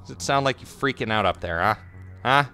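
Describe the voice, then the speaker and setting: A young man giving casual, excitable commentary over his own gameplay, swearing freely and breaking into yelps and laughter. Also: mid-range voice, fairly quick, soft background music. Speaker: gameplay streamer.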